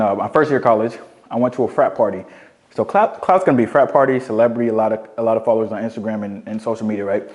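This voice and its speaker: A young man coaching on dating, telling casual stories in a slangy, profane, animated way. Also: mid-range voice. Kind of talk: casual storytelling monologue.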